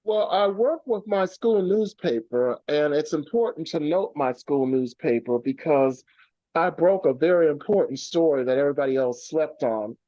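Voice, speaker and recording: Calling in remotely to a radio interview, this journalist guest has a fairly high, warm voice with lively intonation and a normal pace. His storytelling wanders through anecdotes packed with fillers and restarts. Picked up on a video call, the sound is dull, muffled, dry lo-fi audio with no room sound.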